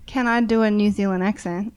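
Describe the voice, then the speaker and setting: A woman's voice: mid-range voice, fairly even intonation, a little fast, a little mellow, clear, resonant tone. A woman co-hosting a podcast, amused and easygoing in casual chat. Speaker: podcast co-host.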